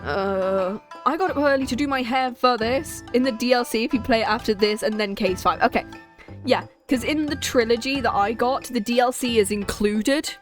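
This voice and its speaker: Jokey woman streaming a game, chatty and self-mocking, kinda high voice, faint music under it. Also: normal speed. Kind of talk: let's play commentary.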